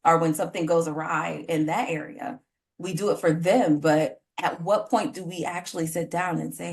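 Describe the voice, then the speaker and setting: A woman with a notably low voice hosts a casual podcast interview. She talks effusively and emotionally, with plenty of fillers and apologies. Her tone is conversational. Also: fairly even intonation, moderate pace. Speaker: podcast host.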